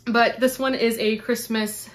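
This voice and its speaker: A woman's voice: a little high, little pitch movement, measured pace. A young woman from Canada chatting casually to camera on her book channel, gushing and effusive as she opens birthday gifts. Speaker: book vlogger. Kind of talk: casual unboxing chat to camera.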